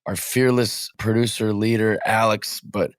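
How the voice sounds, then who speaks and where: A man's voice: on the low side, little pitch movement, measured pace, smooth, no echo, studio quality. Curious man asking on a podcast. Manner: curious, asks questions, self-deprecating. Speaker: podcast co-host. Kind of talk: casual wrestling podcast chat.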